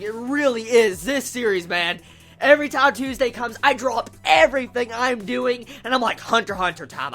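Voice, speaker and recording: Gushing, swearing woman anime reviewer. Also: fairly high pitch. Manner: gushing, swears a lot, bursts into shouts. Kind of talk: excited anime reaction review.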